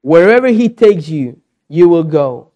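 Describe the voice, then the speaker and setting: High, slow-preaching man from South America. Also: very animated, lo-fi sound. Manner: earnest, unhurried preaching with repeated phrases. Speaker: pastor. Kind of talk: sermon.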